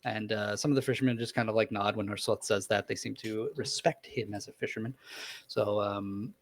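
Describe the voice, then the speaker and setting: A man's voice: fairly low pitch, fairly even intonation, a little fast. A young man narrating as dungeon master in a tabletop game, describing scenes loosely with many fillers.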